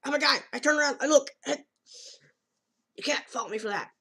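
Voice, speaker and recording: A man voicing a flustered young man caught staring, in a high, panicked squeak. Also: brisk, a bit bright.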